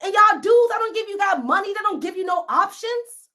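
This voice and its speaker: A woman hosting a podcast, ranting at her listeners in a blunt, profane, scolding way, swinging between loud outbursts and hushed asides. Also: very high-pitched, lively intonation, brisk. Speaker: podcast host. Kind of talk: unscripted rant to listeners.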